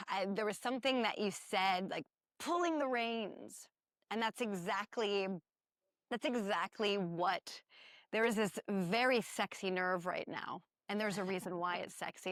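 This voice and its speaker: A woman's voice: medium pitch, a little slow, a bit bright, no echo, clean studio sound. Upbeat woman explaining wellness ideas. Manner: enthusiastic, explaining with playful asides. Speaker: podcast co-host. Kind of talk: spiritual wellness chat.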